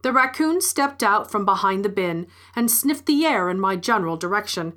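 A woman's voice: mid-range voice, animated, normal speed, fairly bright tone. A woman reading a first-person story aloud in a wry, scripted narration.

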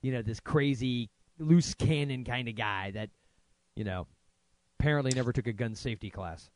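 A man's voice: mid-range voice, moderate pace, a little mellow, no echo. A man co-hosting a podcast, casually chatting about movies with teasing, sarcastic banter. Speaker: podcast co-host.

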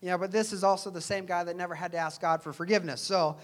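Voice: mid-range voice, fairly even intonation, fast talker. Preacher, casual and sincere delivery, rhetorical questions to the congregation. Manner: conversational, earnest, asks rhetorical questions. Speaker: pastor. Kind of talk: sermon.

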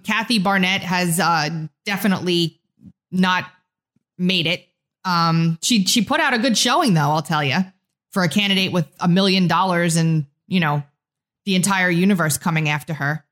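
A woman co-hosting a political talk podcast, chatty and quick to laugh. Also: on the low side, a bit bright. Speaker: podcast co-host.

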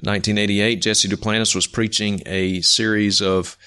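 Low-voiced guy on talk radio, deliberate and skeptical, steady monologue. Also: smooth. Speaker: radio show host.

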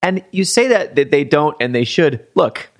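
A man's voice: on the high side, very animated, normal speed. A man in casual podcast chat, stammering through restarts and swearing for emphasis.

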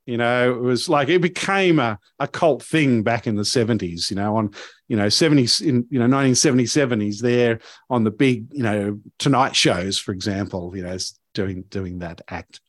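A man's voice: mid-range voice, normal speed, no room sound, studio quality. A man hosting a podcast, telling a story in a casual, rambling way with many fillers and restarts.

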